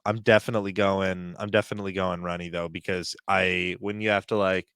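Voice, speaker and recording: A man's voice: sits low, flat delivery, brisk, creaky, fairly bright tone, clear, resonant tone, dry recording, studio quality. A man co-hosting a podcast, chatting casually and ranting with laughs. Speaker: podcast co-host. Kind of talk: casual chat.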